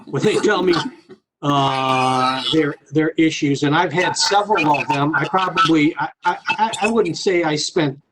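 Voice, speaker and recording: A man's voice: fairly high pitch, unhurried. Blunt man teacher on a noisy call. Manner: blunt, stumbling. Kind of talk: casual meeting talk. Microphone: video call.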